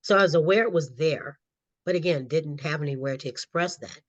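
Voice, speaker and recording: A podcast guest, a middle-aged woman who works as an author and counselor, animatedly relates her own story and laughs often. She talks a little fast in a low-pitched voice, with no room sound. The lo-fi audio is slightly dull.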